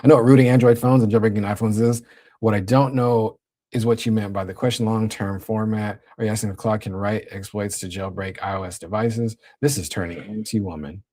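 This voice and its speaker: A young man hosting a casual livestream, talking in a laid-back, slang-heavy way while reading and shouting out his chat. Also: fairly low pitch, steady tone, a little fast. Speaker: livestream host.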